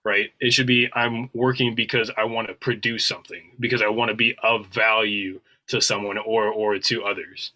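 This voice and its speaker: A man's voice: fairly low pitch, flat delivery, normal speed, few pauses, bright, forceful tone, low-quality recording. A man co-hosting a casual podcast, talking earnestly and often tagging his points with a questioning "right?". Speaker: podcast co-host.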